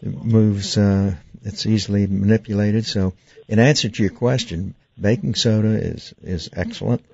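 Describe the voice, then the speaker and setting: A dentist hosts a call-in radio program, explaining patiently with plenty of fillers and restarts. His voice sits low and gravelly. The studio sound is dry and a little muffled. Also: moderate pace, dark tone. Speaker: radio talk show host, dentist.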